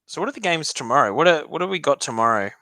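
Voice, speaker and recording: Joking Australian man with a bright voice. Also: on the high side, sing-song, fast, no room sound. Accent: refined Australian, leaning British. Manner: chatty and joking, laughs often. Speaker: live stream host. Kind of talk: casual hockey reaction commentary.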